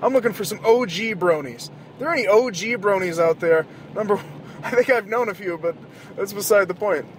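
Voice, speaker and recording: A man with a high voice, rambling and swearing through a casual late-night monologue. He talks from inside a moving car, with faint road noise behind him. He bursts into loud, animated outbursts every so often. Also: moderate pace. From American South. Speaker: podcast host.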